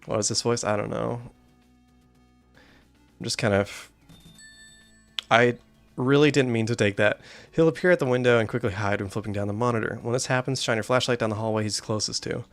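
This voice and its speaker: A man's voice: medium pitch, moderate pace, long pauses, faint music behind. A man streaming a horror game, joking with chat and reading story text aloud. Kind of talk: gameplay commentary and story reading.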